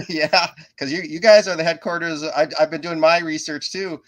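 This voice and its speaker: A man's voice: fairly high pitch, steady tone, moderate pace. A man from Minnesota with an Upper Midwest accent, a friendly guest who jokes and laughs easily in casual chat.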